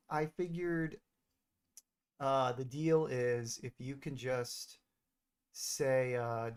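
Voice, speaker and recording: A man streaming, chatting casually and teasingly with frequent hesitations. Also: a little high. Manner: playful, teasing, hesitant with many fillers. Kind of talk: casual gaming chat with an AI character.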